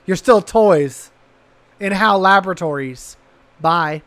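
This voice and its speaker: A man doing a breezy, loud glove boss. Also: sits high, takes it slowly, smooth. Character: giant floating glove boss, breezy and offhand.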